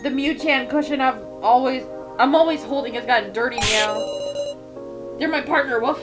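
A woman voicing a cute quirky kid who ends lines with meow and woof, with loud music behind. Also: high-pitched, very animated, normal speed, voice pushed up. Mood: sulky.

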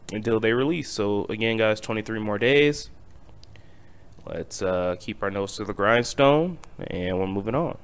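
Male crypto vlogger, drowsy morning delivery, smooth low-ish voice, casual market chatter. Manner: low-key, drowsy, self-described monotone with light chuckles. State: not fully awake. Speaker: crypto channel host. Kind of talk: casual market update vlog.

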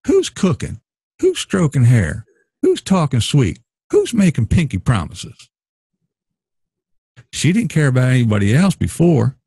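A man talking through a casual show recap with a lively, swooping delivery. His voice is husky and a little rough, and the room sounds dry. He slips into other people's voices to act out what they said. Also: mid-range voice, no echo. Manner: animated, acts out houseguests' lines. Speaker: show host. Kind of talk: casual commentary chat.

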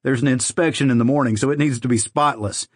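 A man's voice: mid-range voice, steady tone, quick pace, no echo, studio quality, close to an everyday voice. A man doing a brash, profane young army recruit. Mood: apologetic. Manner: shouting, rough and accusatory.

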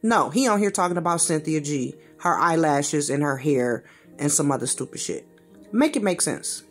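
A woman's voice: deep voice, lively intonation, moderate pace, soft background music. A woman giving a blunt reaction rant in slangy, informal speech, repeating phrases for emphasis. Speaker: commentator reacting to a video.

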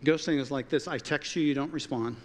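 Animated preaching man in a reverberant hall. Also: fairly high pitch, fairly quick. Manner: animated, conversational preaching with quoted dialogue. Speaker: pastor. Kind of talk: sermon. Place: church sanctuary.

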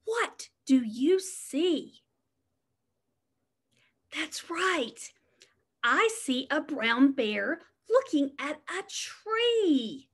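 A woman teacher reads a picture book to little ones in a high, sing-song voice that swoops all over. She takes her time, unhurried and encouraging, pausing to ask the children questions. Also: fairly bright tone. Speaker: preschool teacher. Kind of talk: reading a picture book aloud to young children.

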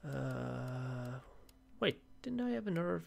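A man's voice: mid-range voice, very animated, slow pace, gravelly. A man giving casual, joking let's-play commentary as he plays, swearing freely. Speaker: gaming channel host.

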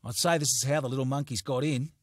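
A man's voice: medium pitch, fairly even intonation, quick pace, slightly rough, no echo, clean studio sound, voice pushed up, natural voice. A man voicing a laid-back, wry male police officer, the partner of the lead, in an audiobook. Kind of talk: audiobook character voice.

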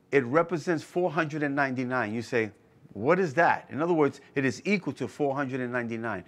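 A man preaching a sermon with emphasis, repeating key phrases and asking the listeners whether they are hearing him. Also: medium pitch. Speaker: pastor.

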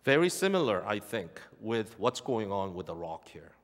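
A man's voice: fairly low pitch, sing-song, moderate pace. A male pastor preaching a sermon, emphatic and repeating key phrases for weight. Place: church sanctuary. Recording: long church hall reverb.

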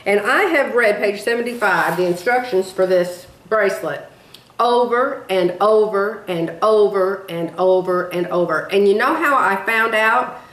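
A woman in her sixties, a beading vlogger, tells rambling stories in a casual vlog, speaking unhurriedly in a mid-range, slightly bright voice. She's chatty, drifts off topic, and laughs at herself, recorded in an echoey room.

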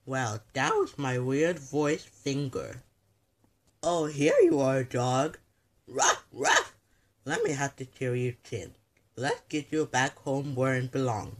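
A man's voice: mid-range voice, big pitch swings, takes it slowly. Goofy man with a wildly swinging voice. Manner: rambling and goofy, slipping in and out of voices. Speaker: narrator and main performer of a toy skit. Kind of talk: playful improvised skit.

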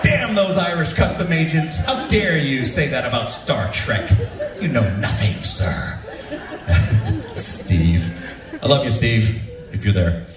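A male comedian telling stand-up stories in an animated way, often laughing at his own material. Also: medium pitch, slow pace, long pauses, music in the background. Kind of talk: stand-up storytelling. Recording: roomy, from far off.

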